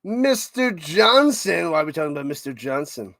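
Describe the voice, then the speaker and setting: A man's voice: fairly high pitch, normal speed, gravelly, dry recording. A man with a New York accent streaming a watch party, calling plays and chatting with viewers. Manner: excitable calls, chatty asides to viewers. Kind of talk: live stream play-by-play and chat reading.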